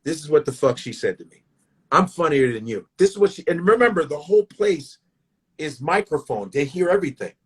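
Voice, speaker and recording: Middle-aged comic, husky, slightly high, profane and animated storyteller. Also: male voice, a little fast. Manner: profane, animated, full of restarts. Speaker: stand-up comedian, guest. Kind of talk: casual storytelling.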